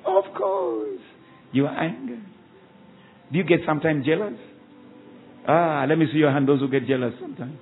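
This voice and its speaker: A man, a pastor preaching a sermon with call-and-response and quick rhetorical questions at a church service. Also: on the high side, big pitch swings, slight background noise. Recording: tinny phone-like sound, faint ambience.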